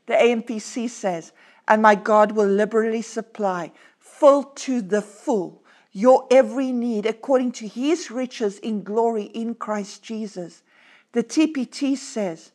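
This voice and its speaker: Woman pastor, podcast sermon, earnest and emphatic, higher-pitched voice. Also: a little mellow. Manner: earnest, emphatic, slows down to stress words. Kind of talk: podcast sermon with scripture reading.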